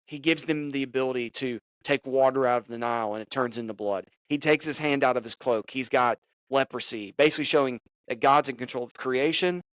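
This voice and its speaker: A man hosting a faith and sports podcast, speaking in a conversational, animated way as he acts out quoted dialogue. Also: mid-range voice, fairly quick, clear, resonant tone, no echo. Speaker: podcast host. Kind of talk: devotional podcast monologue.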